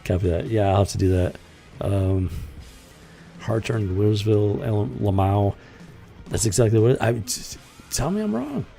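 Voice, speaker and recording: A man's voice: on the low side, little pitch movement, a little slow, gravelly, pauses often, warm tone, soft background music. A man hosting a casual comic book commentary, exasperated and blunt, swearing freely and often stumbling over his restarts. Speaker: host.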